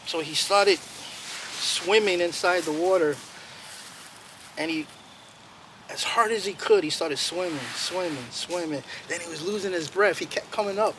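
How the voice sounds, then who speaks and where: A man with a fairly high voice tells a traditional animal tale to a small group outdoors, playful and animated. Loud road traffic runs constantly behind him. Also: normal speed, long pauses. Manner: animated, playful, chatting with listeners. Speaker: storyteller. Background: traffic noise.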